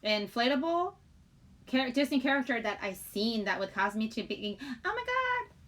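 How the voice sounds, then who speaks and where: This is a middle-aged livestream host with a fairly high voice, chatting at a moderate pace. Her talk wanders as she giggles and greets people in the chat.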